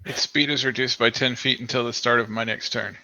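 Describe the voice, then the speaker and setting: A man's voice: mid-range voice, fairly even intonation, brisk, pushed and bright. A man playing a tabletop game, casual and playful, on a dull lo-fi mic. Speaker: player.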